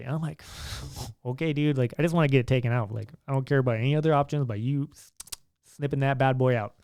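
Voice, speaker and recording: A man's voice: medium pitch, fast, darkish tone, dry recording, studio quality. A young man telling a story in a laid-back, chatty way, acting out what others said. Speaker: vlogger. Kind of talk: casual storytelling.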